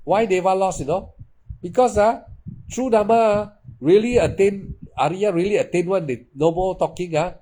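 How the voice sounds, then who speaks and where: A man's voice: high voice, normal speed, warm tone, low-quality recording. A male meditation teacher, giving a dharma talk in an emphatic, repetitive manner with broken grammar. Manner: repetitive, emphatic, with non-native English grammar.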